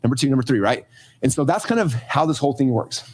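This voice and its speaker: A man's voice: mid-range voice, breathy edge. A man teaching a livestream lesson energetically, checking in with the audience with "okay?" after nearly every point. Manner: fast, animated, repeats "okay?" often. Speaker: host teaching online marketing.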